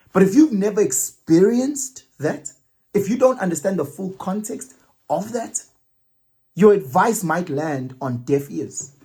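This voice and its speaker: A man's voice: high voice, dark tone, breathy edge. A man, talking through a reflective personal monologue and slipping local words into his English as he thinks aloud. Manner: musing, mixes isiZulu words into English, hesitant restarts. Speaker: vlogger.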